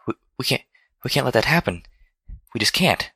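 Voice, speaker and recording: A man voicing a timid, gentle female pony who speaks meekly and stammers when upset. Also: lowish voice, fairly quick, dry recording, clean studio sound, voice pushed up. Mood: fretful, meek. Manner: meek, faltering, stammering.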